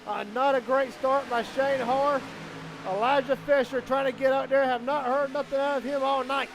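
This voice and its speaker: A man calling a live sim race as commentator, excitable and quickening with the action. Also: extremely high pitch, background noise.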